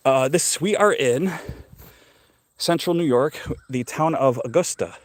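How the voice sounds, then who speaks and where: A man's voice: mid-range voice, slow pace. A middle-aged man, a little short of breath, wanders and chats on a live stream, talking in a loose, curious, rambling way. He speaks outdoors on a phone, with dry, close sound and no room echo. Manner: rambling, curious, chatty with viewers. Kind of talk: casual live-stream chat. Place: outdoors in a cemetery.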